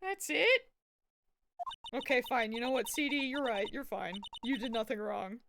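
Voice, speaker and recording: A woman streamer commenting on a game as she plays, with loud, exasperated outbursts and laughter. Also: fairly high pitch, animated, normal speed, vocal fry. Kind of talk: live gameplay commentary. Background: game music.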